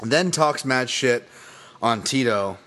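A man hosting a podcast in casual sports chat, rambling, excitable and profane. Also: mid-range voice, slow. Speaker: podcast host.

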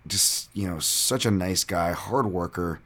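Low-voiced man rambling through fight picks. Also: a little slow, a bit bright, breathy edge. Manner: loose, rambling, swears often, many fillers. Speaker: podcast host and fight analyst. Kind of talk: casual podcast breakdown.

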